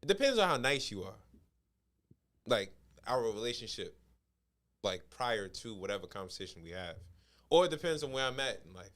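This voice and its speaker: Animated man in casual podcast chat. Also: mid-range voice, moderate pace, pauses often. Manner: animated, laughing, probing questions. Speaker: podcast co-host.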